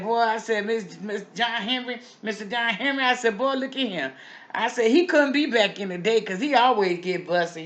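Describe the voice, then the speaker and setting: A woman's voice: fairly high pitch, a bit bright. A woman playing a gossipy, nosy neighbor lady who watches the street from her window, in a folksy, chatty comic monologue full of repeated asides.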